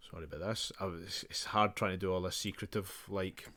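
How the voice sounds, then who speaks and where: A man's voice: sits low, flat delivery, fairly quick, sharp tone. A man narrating as game master of a tabletop game, chatty and laughing often.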